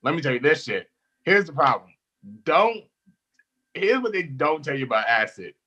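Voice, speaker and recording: Young male comic, bright edge, slightly high, laughing chatty storyteller. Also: moderate pace, highs cut off. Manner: animated, laughs often, swears freely. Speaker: comedian guest. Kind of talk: casual storytelling chat.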